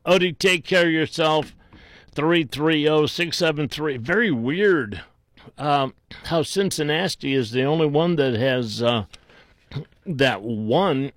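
Blunt talk-radio host, dry sound. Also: male voice, a little high, no echo. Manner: blunt, frequent restarts, quick bursts. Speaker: radio call-in show host.

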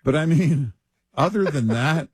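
A man from Texas with a mild Texan accent, co-hosting late-night talk radio in a lively, conversational way. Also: on the high side, a little slow, slightly rough, dry recording, studio quality. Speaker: radio talk show host. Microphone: studio microphone.

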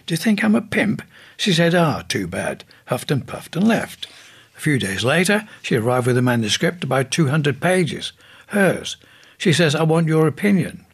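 A man's voice: medium pitch, slightly rough. A man narrating an audiobook in a scripted reading, voicing quoted speakers in turn.

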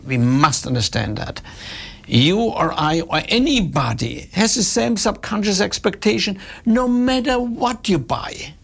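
Raspy guy telling a customer service story, keeps repeating his main points, kinda high voice. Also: fairly bright tone. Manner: emphatic, repeats key points. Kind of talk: storytelling talk to an audience.

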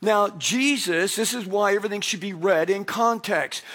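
Middle-aged male pastor, high voice, lively sermon delivery that acts out quoted lines. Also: moderate pace.

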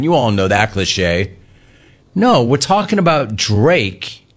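A man's voice: mid-range voice, fairly bright tone. A middle-aged man hosting a sports talk radio show, riffing sarcastically on callers and the news.

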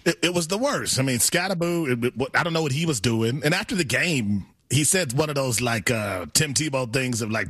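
A man co-hosting a casual sports talk show, opinionated and lively. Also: mid-range voice, brisk, few pauses, breathy edge, no room sound, clean studio sound.

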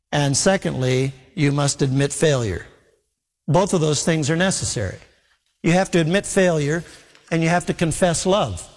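Earnest male preacher, higher voice. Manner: earnest, emphatic, repeats key phrases. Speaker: pastor. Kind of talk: sermon. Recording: long hall reverb.

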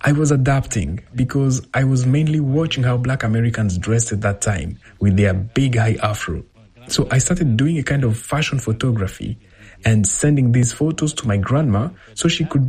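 A man with a husky voice reading a translated first-person account as a voice-over, in a lively storytelling manner. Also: medium pitch, moderate pace. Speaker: voice-over interpreter.

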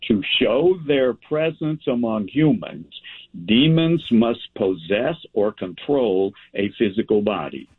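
Man as slow, low-voiced pastor teaching a men's Bible study over a tinny line. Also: husky. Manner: unhurried, reads scripture aloud with verse citations, asks and answers his own questions. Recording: tinny phone-like sound.

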